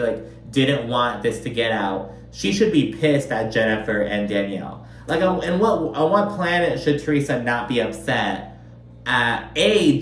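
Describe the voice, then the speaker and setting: A man chats his way through a reality show recap in a loose, profane style, leaning on "like" throughout. His voice sits at an average pitch and echoes in a roomy space. The mic stands back from him, with a faint hum underneath. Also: distant mic. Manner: chatty, profane, lots of "like". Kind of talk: casual recap commentary.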